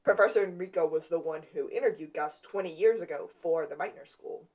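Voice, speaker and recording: A woman's voice: fairly low pitch, fairly quick, a little mellow. A woman co-hosting a podcast, casually recapping a TV episode and retelling scenes with quoted lines. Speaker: podcast co-host.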